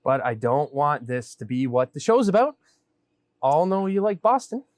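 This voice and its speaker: A man's voice: on the high side, very animated, normal speed, a little mellow, dry recording, studio quality. A man hosting a comedic chat outdoors in a backyard, grumbling and mock-exasperated. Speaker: host. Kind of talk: comedic casual banter.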